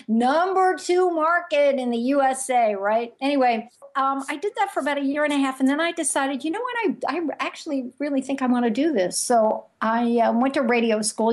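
Woman, media expert guest, animated storyteller, higher voice. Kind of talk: interview conversation.

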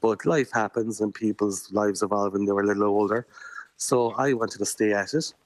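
Earnest Irish man, low voice, dry studio. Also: fairly even intonation, moderate pace, no echo. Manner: earnest, explains at length with fillers like "like" and "I always say". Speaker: guest paranormal investigator. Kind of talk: radio interview, storytelling. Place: radio studio.

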